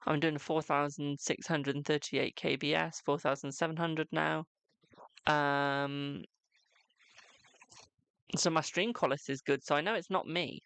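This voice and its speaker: A British man with a gravelly, creaky voice, chatting casually on a live stream. He is talkative and self-mocking and swears now and then. The sound is dry and close, with no room echo. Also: a little high, steady tone, measured pace, long pauses, fairly bright tone. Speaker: tarot reader and live streamer.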